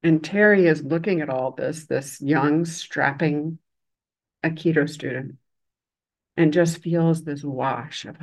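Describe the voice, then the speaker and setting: A woman giving a Buddhist dharma talk in a gentle, conversational way. She pauses often and lets phrases trail off. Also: low-pitched. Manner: uses a loud, bright voice for quoted speech. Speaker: Buddhist meditation teacher.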